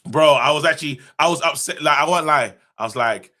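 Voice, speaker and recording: A man co-hosting a casual football podcast, talking in an excitable, slangy way. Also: fairly high pitch. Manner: excitable, slangy, quick restarts. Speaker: co-host.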